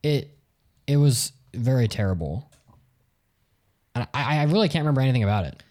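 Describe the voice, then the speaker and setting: A man's voice: medium pitch, animated, a little fast, a little mellow. A man co-hosting an anime podcast, giving blunt, dry opinions in casual chat. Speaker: podcast co-host.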